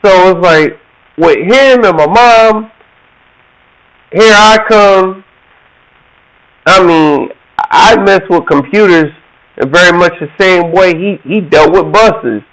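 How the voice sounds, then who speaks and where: A man's voice: sits high, slow, pauses often, low-quality recording. A man, casually telling a story and acting out other people's voices. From Georgia, USA. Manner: animated, laughs often, acts out quoted voices.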